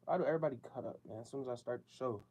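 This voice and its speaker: A man's voice: medium pitch, very fast, dark tone. Slangy man talking betting to listeners. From United States. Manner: loose, slangy and repetitive, talking straight to listeners. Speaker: show host. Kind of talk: casual talk-show monologue.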